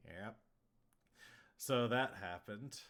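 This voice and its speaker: A man's voice: lowish voice, fairly bright tone. A man hosting a stream and running a tabletop game as game master, talking in a laid-back way with chuckles and loose restarts.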